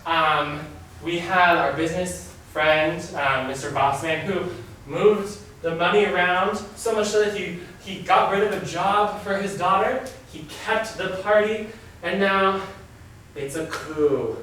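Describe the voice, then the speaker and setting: A man's voice: sits high, measured pace, sharp tone, slight background noise. A man performing live solo improv, chatting playfully with his audience on stage. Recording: echoey stage from far off.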